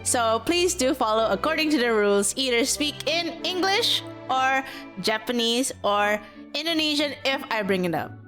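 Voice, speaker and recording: Lively, high-voiced woman streamer. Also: moderate pace. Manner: expressive, exclaiming, laughs often. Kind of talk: casual livestream commentary. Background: game music.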